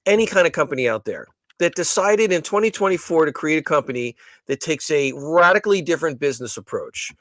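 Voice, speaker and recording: A man's voice: on the high side, lively intonation, fairly quick, hardly any pauses, fairly bright tone, no echo. A man co-hosting a casual podcast chat, ranting with profanity and stumbling repeats. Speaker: podcast co-host.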